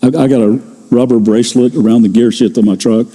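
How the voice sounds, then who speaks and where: A man's voice: mid-range voice, steady tone, warm tone, breathy edge. Older male pastor preaching in a reverberant hall. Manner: conversational storytelling, slows for emphasis. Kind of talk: sermon.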